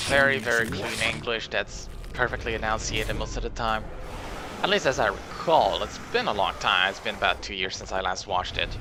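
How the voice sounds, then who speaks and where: A man's voice: medium pitch, background noise. A young French Canadian man, a native French speaker with a self-made mixed accent, rambling through chatty, digressive gaming commentary with careful enunciation. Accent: self-made mixed accent over a French Canadian base. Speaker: gaming channel host. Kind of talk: rambling let's-play commentary.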